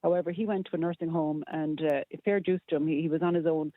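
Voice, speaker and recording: A man's voice: on the high side, fairly even intonation, quick pace, no room sound. An Irish man as a radio guest in casual chat, speaking earnestly with hesitant restarts. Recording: tinny phone line.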